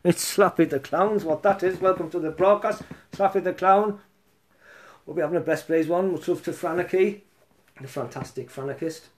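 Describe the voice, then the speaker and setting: A man's voice: high-pitched, moderate pace. A man rambling casually on a live stream between songs, swearing and laughing often. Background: loud acoustic guitar.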